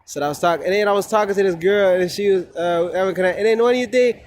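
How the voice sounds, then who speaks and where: A man with a fairly high-pitched voice rants casually into a phone camera while outdoors. He rambles, swears freely and says his phrases twice over. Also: fast, few pauses. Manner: rambling, profane, repeats himself. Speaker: vlogger.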